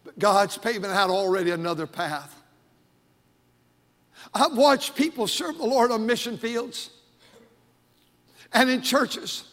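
High-voiced older pastor preaching with fervor. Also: male voice, takes it slowly, long pauses. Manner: fervent preaching, rising to shouted emphasis. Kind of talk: sermon. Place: church sanctuary. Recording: long hall reverb.

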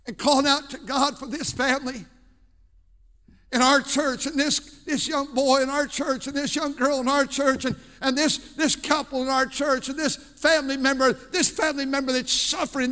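A man preaching a sermon as pastor in a church, impassioned, swinging between hushed and shouting. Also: very high voice, steady tone, normal speed, big-room sound. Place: church sanctuary.

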